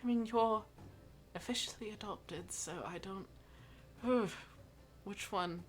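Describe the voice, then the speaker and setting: A woman voicing a guarded young woman who speaks quietly and haltingly, with many restarts. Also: medium pitch, soft background music, voice pushed up, close to an everyday voice. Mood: quiet, awkward.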